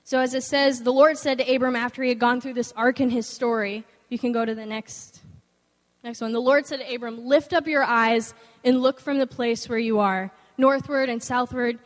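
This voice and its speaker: A woman's voice: fairly high pitch, normal speed. Earnest young woman preaching in a reverberant hall. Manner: earnest, conversational, animated when quoting others. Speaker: speaker sharing a devotional. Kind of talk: informal sermon with personal story.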